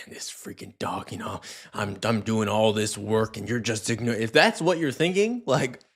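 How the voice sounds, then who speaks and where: A young man coaching dog owners in a casual, repetitive way, stressing his main points. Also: medium pitch. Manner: casual, repeats key points, playful voices for dog talk. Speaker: dog trainer. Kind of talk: instructional talk to camera.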